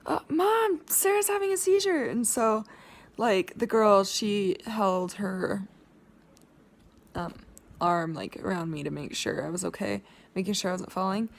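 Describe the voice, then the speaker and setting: A woman's voice: medium pitch, fairly even intonation, a little slow, gravelly, long pauses. A young woman vlogging an emotional rant to her viewers, rambling with many restarts and growing insistent.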